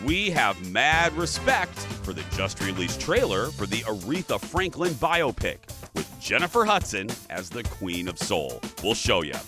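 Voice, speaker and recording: A man's voice: on the low side, very animated, a little slow, hardly any pauses, loud music behind the voice. A man hosting a studio talk show, chatty and self-deprecating.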